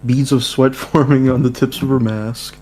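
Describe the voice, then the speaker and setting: A man's voice: mid-range voice, moderate pace. A young man reads a dating-sim game aloud with friends on a home mic, cracking jokes and laughing between lines. A faint mains hum runs behind his voice. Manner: laughing, jokey, animated asides. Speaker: game player reading aloud.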